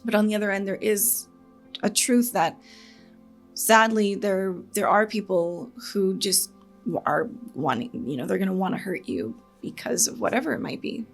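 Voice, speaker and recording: A woman hosts a casual reaction video with a gravelly, mid-pitched voice. She rambles earnestly and laughs nervously when the story upsets her, while faint music plays underneath. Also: moderate pace. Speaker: reaction channel host.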